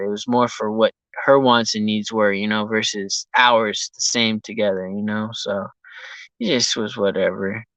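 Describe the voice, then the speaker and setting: A man's voice: mid-range voice, pushed and bright, no echo. A man vlogging casually from inside his vehicle, rambling and ranting with constant profanity. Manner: profane, heavy swearing, ranting.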